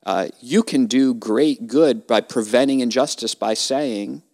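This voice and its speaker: A man's voice: medium pitch, measured pace, a little mellow. A man, a trial lawyer and guest on a casual podcast conversation, talking in an earnest, emphatic, almost preacherly way.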